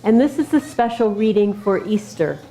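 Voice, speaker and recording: A woman minister welcoming people to a service and then reading scripture in a calm, measured way. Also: medium pitch, noisy background.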